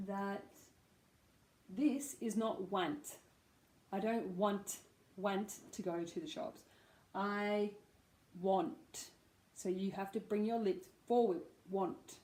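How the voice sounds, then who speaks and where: A woman's voice: mid-range voice, darkish tone, echoey room. A woman with an Australian accent, teaching a pronunciation lesson and demonstrating vowel sounds patiently. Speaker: accent coach.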